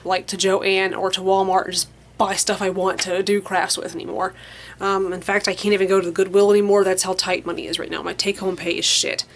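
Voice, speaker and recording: Young woman rambling to her camera in her basement room, lots of likes and ums, chatty and frank. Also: medium pitch. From American Midwest or South region. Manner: rambling, many fillers like "like" and "um"; frank and chatty, laughs softly between thoughts. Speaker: vlogger. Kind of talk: casual chat to camera.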